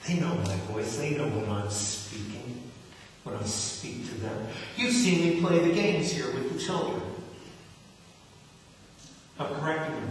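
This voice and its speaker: Slow-preaching pastor in an echoey hall. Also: male voice, medium pitch, expressive, slight background noise. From New Jersey. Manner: conversational preaching with acted-out quotes. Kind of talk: sermon. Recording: echoey hall, distant mic.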